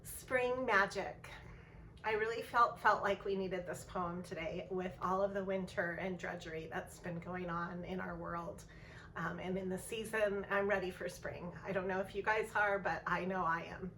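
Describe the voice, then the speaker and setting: A woman reading tarot in a casual vlog, soft-hearted and rambling, with many pauses and ums. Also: lowish voice, steady tone. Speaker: tarot reader. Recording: voice a bit far from mic, faint background noise.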